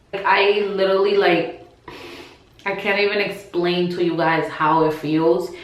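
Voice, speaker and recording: A woman's voice: lowish voice, dull audio. A woman vlogger telling a personal story to her followers in a casual, chatty way, full of "like" and quoted asides. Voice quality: chatty, filler-heavy, many restarts and acted quotes. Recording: very echoey room.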